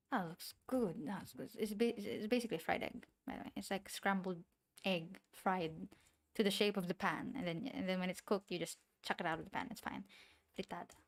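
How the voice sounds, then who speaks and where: A woman streamer with an accent, chatting casually while she draws, rambling and talking to herself with small giggly asides. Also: medium pitch. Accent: non-standard English accent. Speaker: VTuber streamer. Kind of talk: casual chat while drawing.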